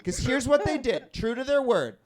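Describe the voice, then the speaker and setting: High-voiced man doing animated stand-up. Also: moderate pace, crowd noise. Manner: animated storytelling with shouted outbursts. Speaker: stand-up comedian. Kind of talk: stand-up comedy set. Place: comedy club stage with live audience. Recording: live audience in a club.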